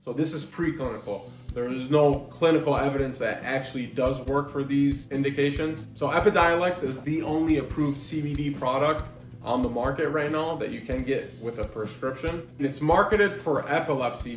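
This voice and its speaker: Joking male podcast host, echoey. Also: mid-range voice. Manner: joking, swearing, rambling explainer. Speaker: podcast host, pharmacy doctor. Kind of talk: comic educational podcast. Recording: roomy echo.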